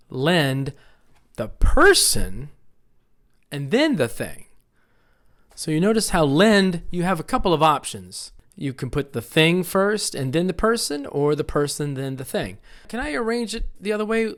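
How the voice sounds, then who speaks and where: American guy teaching esl grammar, slightly high voice, patient and repetitive. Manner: patient, repeats phrases for students to echo. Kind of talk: classroom grammar lesson.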